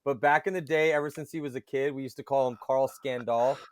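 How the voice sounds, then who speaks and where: A man chatting casually on a podcast, telling lively stories and swearing casually. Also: mid-range voice, brisk, no room sound, clean studio sound. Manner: animated storyteller, swears casually. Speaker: paintball commentator guest.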